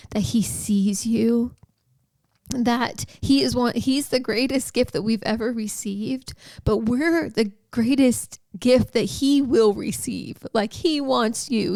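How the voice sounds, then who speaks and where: Slow, heartfelt woman telling a faith story. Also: fairly high pitch, a little mellow, no echo, studio quality. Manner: heartfelt, chatty, many likes and you-knows. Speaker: podcast host.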